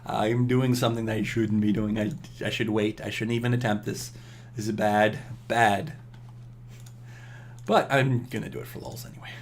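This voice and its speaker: A man's voice: lowish voice, little pitch movement, normal speed, slight background noise. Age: adult. Sex: man. Style: rambling game commentary, talking to himself. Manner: rambling, scolds himself aloud, chuckles. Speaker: gameplay commentator. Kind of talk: casual gameplay commentary.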